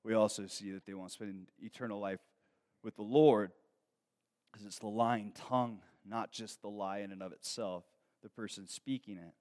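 A young man with a lowish voice preaches at a moderate pace, keeping his sermon casual and conversational with personal stories packed with fillers, growing excited as each story builds.

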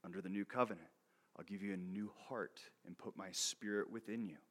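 A man's voice: low-pitched, fairly even intonation, a little fast. A man preaching a sermon in a casual, conversational way. He often checks in with "okay?", laughs between points and repeats words as he restarts. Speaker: pastor.

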